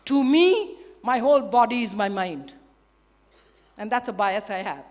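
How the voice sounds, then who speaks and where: Woman, high voice, motivational speaker, energetic and humorous, long hall reverb. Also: a little slow. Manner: energetic, humorous, drives audience call-and-response. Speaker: leadership trainer and keynote speaker. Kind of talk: motivational talk to a live audience. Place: large hall with an audience.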